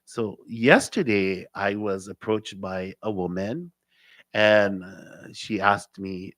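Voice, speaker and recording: A man's voice: on the low side, fairly even intonation, takes it slowly, a bit bright, dry recording. A man from Hawaii, a cultural teacher, giving a spiritual talk with stories; he repeats key phrases and acts out conversations.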